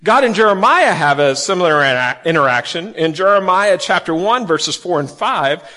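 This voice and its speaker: A man preaching a sermon to kids and families, folksy and animated, acting out the quotes he reads. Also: sits high, moderate pace, big-room sound. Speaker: pastor.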